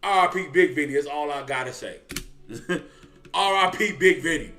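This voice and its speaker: A man's voice: on the high side, moderate pace, faint music behind. A man hosting a reaction video, telling street stories in a loose, profane, slang-heavy way and ending lines with "boy". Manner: animated, slangy, drawls 'boy' at line ends. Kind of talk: casual profane storytelling.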